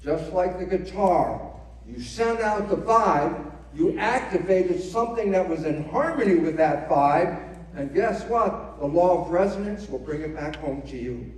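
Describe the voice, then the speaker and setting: A man giving a live lecture, animated, asking rhetorical questions and acting out quoted voices. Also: high-pitched, a little slow. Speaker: speaker. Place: large hall before an audience. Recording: echoey hall, mic at a distance.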